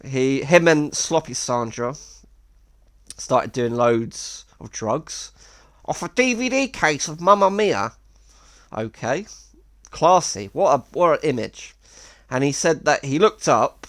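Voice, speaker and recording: A man's voice: mid-range voice, animated, a little slow, fairly bright tone, dry recording. A man telling a rambling anecdote with wry asides. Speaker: storyteller. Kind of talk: casual anecdote.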